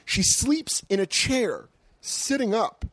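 Animated man telling a wild story. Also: very high-pitched, takes it slowly, no room sound. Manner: excitable, acts out voices while telling stories. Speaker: podcast guest.

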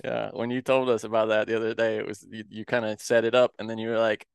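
A man's voice: lowish voice, little pitch movement, fast, gravelly, clear, resonant tone, no echo. A man co-hosting a podcast, chatting and reading findings aloud with easy laughs. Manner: laughs easily. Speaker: podcast co-host. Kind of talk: casual chat, reading from web.

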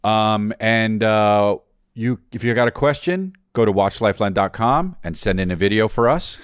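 A man's voice: fairly low pitch, expressive, moderate pace, clean tone, no echo, studio quality. A man co-hosting a podcast in casual, teasing banter, rambling and plugging his tour dates. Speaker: podcast co-host and touring comedian.

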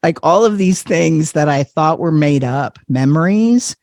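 A man telling a personal story as a podcast guest, animated, laughing often and acting out the voices of people he quotes. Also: on the high side, measured pace, no room sound. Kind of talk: conversational storytelling.

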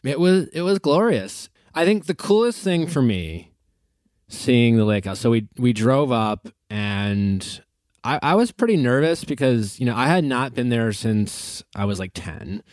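A man's voice: mid-range voice, big pitch swings, measured pace, darkish tone, no room sound. A man in his forties hosting a podcast in a casual, loose storytelling manner, calling in from a hotel room. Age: 40s. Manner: chatty, laughing, loose storytelling. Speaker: podcast host. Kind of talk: casual chat. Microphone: remote call from a hotel room.

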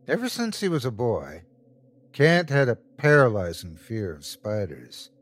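A man's voice: mid-range voice, wildly swooping pitch, a little slow. A man narrating a scripted horror story as the show's host, telling it expressively.

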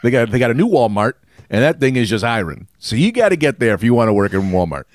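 A man's voice: medium pitch, big pitch swings, fast talker, dry recording, clean studio sound. A man co-hosting a podcast, joking wryly and swearing in casual comedic chat. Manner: wry, joking, profane. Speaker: podcast co-host.

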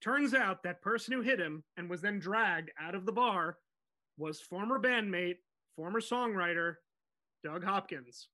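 A man with a high, bright voice hosts a podcast and leads the storytelling. He talks in a casual, animated, chatty way and laughs easily as he goes. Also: a little slow. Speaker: podcast host telling the story.

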